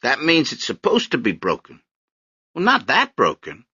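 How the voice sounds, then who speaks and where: A man's voice: medium pitch, wildly swooping pitch, moderate pace, pushed and bright, husky, no room sound, lo-fi sound, voice pushed up, heavily acted. A male audiobook narrator voicing a wry young man who is a law student and street-corner activist, teasing and lecturing in an emphatic way.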